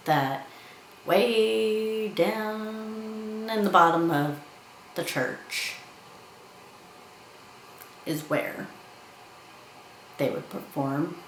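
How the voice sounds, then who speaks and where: A woman's voice: mid-range voice, a bit bright, echoey room, slight background noise, poor audio. A woman giving a casual film review, chattily retelling scenes and acting out the characters' lines.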